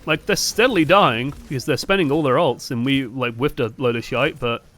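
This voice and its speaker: A young man coaching over gameplay footage, moving from calm breakdowns to exasperated outbursts and swearing bluntly. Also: medium pitch, brisk. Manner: swings from calm analysis to exasperated shouting. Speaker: game coach. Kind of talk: live-streamed gameplay review commentary.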